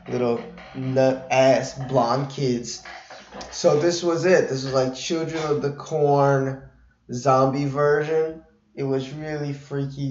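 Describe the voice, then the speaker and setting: A man hosting a podcast, giving a loose, profane, casual recap of an episode, full of "you know" asides. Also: fairly high pitch. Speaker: podcast host. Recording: roomy, dull lo-fi recording.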